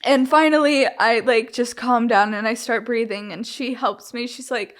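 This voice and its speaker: Young woman with fillers, slightly high voice. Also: fairly even intonation, normal speed, few pauses. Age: young adult. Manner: rambling, heavy on "like" fillers and restarts; open and emotionally frank. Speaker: interviewee. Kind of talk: candid personal storytelling.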